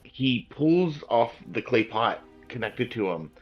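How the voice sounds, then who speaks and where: A man's voice: mid-range voice, expressive, slow pace. A man narrating a tabletop game as game master, rambling with many fillers and restarts. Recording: dull lo-fi sound with faint music.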